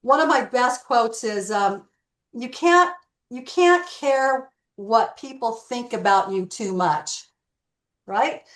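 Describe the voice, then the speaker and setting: Speaking slowly in a voice that sits on the high side, a real estate broker recounts stories as an interview guest. The room is reverberant, and she animatedly voices the dialogue herself.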